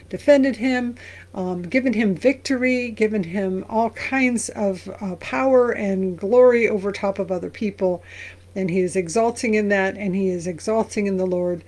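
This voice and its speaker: A woman pastor who reads verses aloud slowly and then explains them in a conversational way. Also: mid-range voice, a little mellow. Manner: briefly sings lines of an old song. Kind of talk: Bible reading and commentary.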